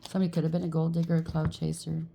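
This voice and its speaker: A woman's voice: low-pitched, monotone, rapid-fire, gravelly, background noise. A woman giving a casual tarot reading, chatty and reassuring, often checking in with "okay?" and "right?". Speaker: tarot reader.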